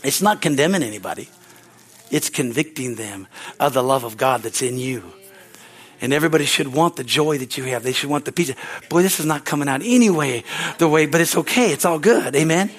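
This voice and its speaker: A man's voice: on the high side, expressive, fairly quick. A man preaching as pastor, rambling and repeating words, often calling out amen. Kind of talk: sermon.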